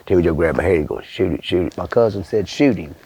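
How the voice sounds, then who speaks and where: A man's voice: low voice, animated, quick pace, mellow, slightly rough, dry recording. An older man from Louisiana with a bayou accent, telling a rambling, folksy story full of swearing in an interview. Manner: rambling, folksy, swears often, acts out voices.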